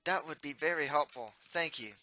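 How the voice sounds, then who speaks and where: A man's voice: a little high, normal speed, pushed and bright, dry recording, voice pushed up, low-quality recording. A man voicing a naive, polite young prince who speaks formally and earnestly, in a storybook reading.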